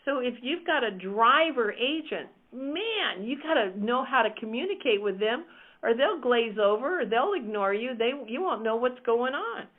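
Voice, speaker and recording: A woman's voice: a little high, lively intonation, normal speed. Woman coach, emphatic and upbeat, teaching over a thin, phone-like line. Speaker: real estate team coach.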